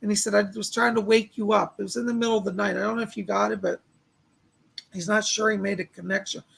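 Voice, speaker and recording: A male psychic medium on a live stream, hoarse from losing his voice, relaying spirit messages and thanking donors by name. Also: sits high, little pitch movement, quick pace, a bit bright. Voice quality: gravelly, husky voice. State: losing his voice, clearing his throat.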